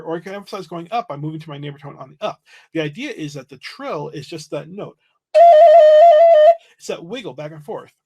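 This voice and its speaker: Husky-voiced man teaching a flute lesson. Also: on the high side. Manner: relaxed explanatory teaching, frequent "right?" check-ins. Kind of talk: livestream music lesson.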